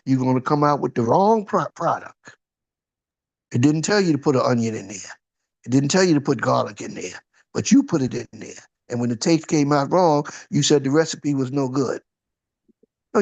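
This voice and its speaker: A man giving an informal sermon, throwing out rhetorical questions and checking in with his listeners. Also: on the high side. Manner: conversational, asks "huh?" often, rhetorical questions. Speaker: preacher.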